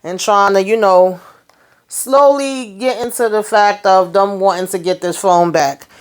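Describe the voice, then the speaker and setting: Recapping a TV episode, this young woman speaks a little slowly in a medium-pitched voice that is clear and resonant. She's chatty and slangy, using fillers and playing out the characters' dialogue in quotes.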